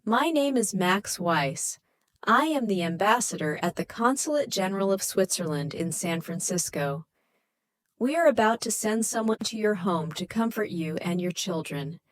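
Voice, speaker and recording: A woman voicing a soft-spoken, formal and apologetic male diplomat on the phone. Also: mid-range voice, animated, moderate pace, no echo, clean studio sound, lightly acted.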